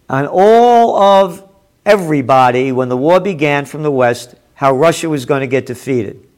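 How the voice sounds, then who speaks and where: A man hosting a show, reading news headlines aloud and commenting with sarcastic, profane asides that turn heated. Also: fairly high pitch. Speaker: host.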